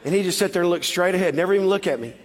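A man preaching a sermon, telling a personal story and building to loud, animated exhortation. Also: high-pitched, very fast, a faint crowd. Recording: long hall reverb.

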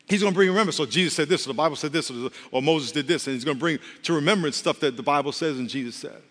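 A male pastor preaches in a loose, conversational way, cracking jokes and tossing asides to the room. His voice sits a little high, and a long reverb from a large hall trails behind every phrase. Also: very fast, fairly bright tone. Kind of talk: sermon.

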